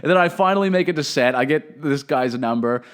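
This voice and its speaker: A young man telling profane, animated stories as a podcast host, swinging between loud outbursts and muttered asides. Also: fairly high pitch, fairly quick, clear, resonant tone. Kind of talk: casual comedic storytelling.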